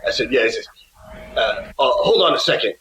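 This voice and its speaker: A man's voice: mid-range voice, animated, a little fast, pushed and bright, echoey room, a little hiss or hum, poor audio. A man guesting on an interview, telling stories in a casual way and acting out the other people's lines. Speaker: musician guest.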